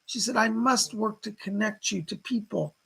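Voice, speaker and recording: A man with a husky voice giving live psychic readings, passing on spirit messages as quotes and thanking donors by name. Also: sits high, moderate pace, pushed and bright, low-quality recording. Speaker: psychic medium.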